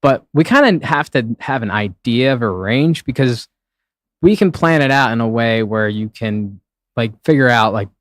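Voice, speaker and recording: A man's voice: mid-range voice, lively intonation, moderate pace, a bit bright, dry recording, clean studio sound. A man working as a live event streaming producer, answering interview questions in a rambling, casual way, with plenty of fillers and acted-out quotes.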